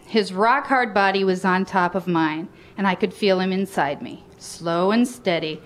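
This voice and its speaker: A woman's voice: mid-range voice, normal speed. A woman reading aloud from her own memoir in a frank, cheeky storytelling manner, laughing often between lines.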